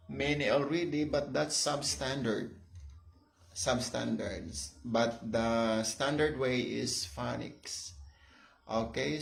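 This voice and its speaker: Filipino man, unhurried casual vlog teacher, gravelly edge, repeats and spells words out patiently. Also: mid-range voice. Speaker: English pronunciation vlogger.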